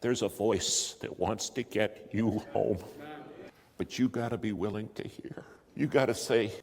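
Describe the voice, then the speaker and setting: A man's voice: on the low side, a little slow, darkish tone. A man preaching in a storytelling way, animating the voices in his story, recorded in a large hall. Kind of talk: storytelling sermon. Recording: long hall reverb.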